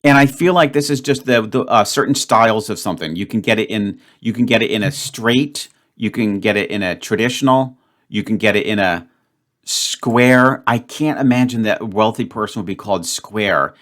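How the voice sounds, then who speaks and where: A man's voice: on the low side, moderate pace, fairly bright tone. A man hosting his own puzzle channel, thinking aloud as he solves a word game and grumbling at himself. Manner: thinks aloud, frustrated, muttering self-talk. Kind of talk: solo puzzle-solving commentary.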